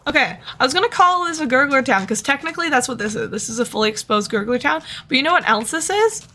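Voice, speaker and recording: A tired, sleep-deprived woman streamer chats and rambles to herself while gaming. Her high-sitting voice is expressive, fast, bright and forceful.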